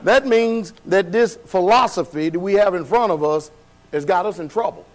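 In a church sanctuary, a male pastor with a high-sitting voice preaches a sermon at a moderate pace. His style is folksy and colloquial, call-and-response, and he often puts questions to the congregation.

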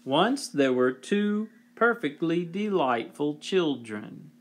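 A man reading a picture book aloud for children in a gentle, playful way. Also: fairly high pitch, big pitch swings, slow pace. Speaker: storybook reader.

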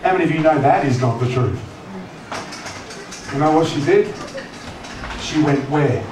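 Man preaching, high voice, teasing, booming hall echo, noisy distant recording. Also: lively intonation, moderate pace. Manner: conversational, teasing, asks the congregation questions. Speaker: pastor. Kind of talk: sermon. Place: church hall. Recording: echoey church hall, distant mic, noisy.

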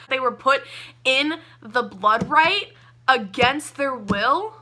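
A young woman gushing about a book she loved, talking casually and excitably with lots of "like" fillers. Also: sits high, takes it slowly. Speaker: book reviewer.

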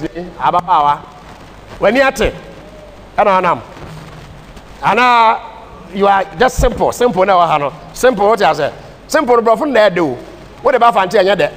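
Ghanaian man, Bible class teacher, emphatic code-switching preacher, high register, church hall reverb and faint room hiss. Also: animated, normal speed, long pauses, fairly bright tone. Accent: Ghanaian English. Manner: switches between English and Twi, emphatic preaching cadence. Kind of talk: sermon-style Bible teaching. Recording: distant hall reverb with faint ambient noise.

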